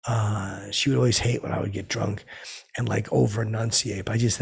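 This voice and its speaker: A middle-aged man telling a rambling, boastful comedic story, stammering often, with a gravelly, raspy voice. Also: lowish voice, fairly even intonation, moderate pace, a little mellow. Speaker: comedic character host telling stories.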